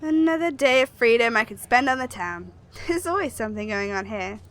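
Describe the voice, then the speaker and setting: A woman's voice: a little high, lively intonation, a little fast, a bit bright. A woman voicing a curious young heroine who muses thoughtfully. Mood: musing. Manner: musing, thoughtful.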